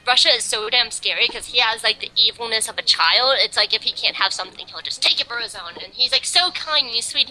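A woman's voice: fairly high pitch, bright, forceful tone, slight background noise, rough recording. A young woman chatting casually and eagerly as a podcast co-host, filling her talk with "like". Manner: fast enthusiastic fan talk, many "like"s. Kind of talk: casual chat.

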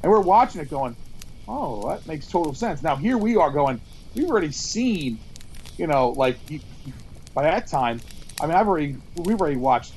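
A man's voice: fairly high pitch, lively intonation, moderate pace, darkish tone, slight background noise, low-quality recording. A man co-hosting a podcast outdoors at a campfire, telling rambling stories, swearing and acting out quotes. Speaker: podcast co-host. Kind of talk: casual storytelling chat.

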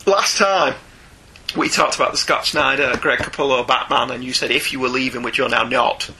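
A man's voice: mid-range voice, normal speed, sharp tone, slight background noise, low-quality recording. A man from Ireland with a sore throat, co-hosting a podcast and reading listener emails aloud in casual chat, laughing often as he goes.

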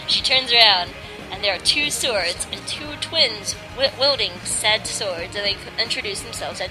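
A woman's voice: fairly high pitch, lively intonation, a little fast, low-quality recording. Bubbly young woman chatting casually. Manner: bubbly and chatty, with filler words. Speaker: podcast host. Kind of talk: casual review chat. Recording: music playing behind.

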